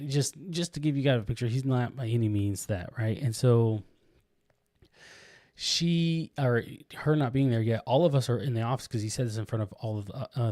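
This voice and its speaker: Podcast co-host, male, mellow voice, rambling storyteller, dry close mic. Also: mid-range voice, no echo. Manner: rambling, many restarts and "like" fillers. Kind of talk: casual storytelling. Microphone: podcast microphone.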